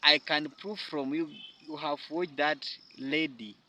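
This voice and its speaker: A man's voice: a little high, fairly even intonation, measured pace, bright, forceful tone, slight background noise. A man hosting a commentary channel, speaking enthusiastically with loose grammar and frequent fillers. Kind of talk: casual commentary.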